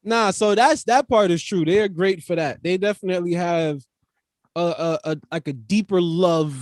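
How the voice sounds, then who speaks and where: New york dude on a podcast, pretty high voice, blunt and emphatic, swears a lot. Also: male voice, normal speed, dry recording. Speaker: podcast co-host. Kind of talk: casual chat.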